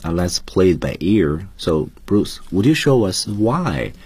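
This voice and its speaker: A man teaching English on a radio lesson, explaining points in a calm, explanatory way. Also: deep voice, unhurried, breathy edge, no echo. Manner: explanatory, switches between Chinese and English.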